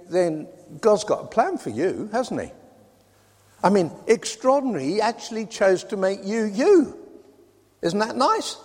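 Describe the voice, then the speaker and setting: A man's voice: a little high, darkish tone. A man from Britain preaching a sermon in a conversational way, with wry asides. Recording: reverberant hall.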